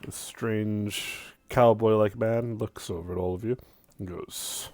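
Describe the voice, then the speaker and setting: A man narrating a tabletop role-playing game as game master, in a deliberate storytelling manner. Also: fairly low pitch, fairly even intonation, a little mellow, dry recording, soft background music.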